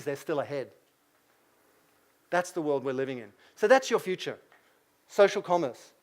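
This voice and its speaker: A middle-aged Australian man giving a business keynote lecture, lively, asking the audience questions. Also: high-pitched. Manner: lively, asks the audience questions, acts out quotes. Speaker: keynote speaker.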